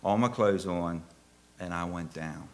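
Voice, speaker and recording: A middle-aged male preacher telling a personal story in a sermon, swinging from hushed asides to loud exclaiming. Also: deep voice, unhurried.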